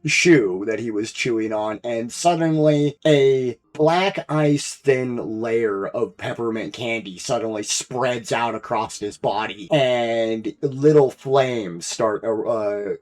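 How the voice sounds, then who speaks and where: A man narrating a tabletop game as game master in an unhurried, descriptive way with some hesitations. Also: mid-range voice.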